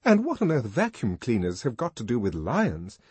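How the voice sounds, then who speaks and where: A man voicing an impatient, exasperated young woman in an audiobook, firing sharp questions. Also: medium pitch, huge pitch swings, normal speed, slightly rough, dry recording, exaggerated voice. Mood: puzzled. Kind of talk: audiobook character voice.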